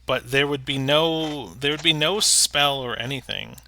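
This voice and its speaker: Game master, man, slow and bright-voiced, pausing with ums. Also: medium pitch, gravelly. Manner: unhurried, with ums. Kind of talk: running a tabletop game.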